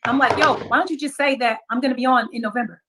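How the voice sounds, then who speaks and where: Fast-talking woman telling a story. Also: fairly high pitch, fairly bright tone. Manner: rapid, retelling conversations. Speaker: podcast guest. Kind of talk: casual storytelling.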